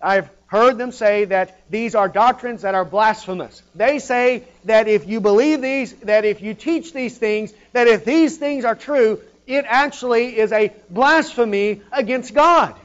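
Impassioned high-voiced male preacher. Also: a little slow, hardly any pauses, clean tone, lo-fi sound. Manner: impassioned, rising to loud emphatic peaks then dropping low. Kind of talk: sermon.

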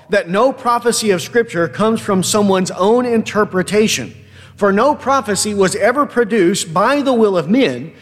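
A man preaching an expository sermon, emphatic and often checking in with a quick "right?". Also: high-pitched, big-room sound. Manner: emphatic, frequent tag question "right?".

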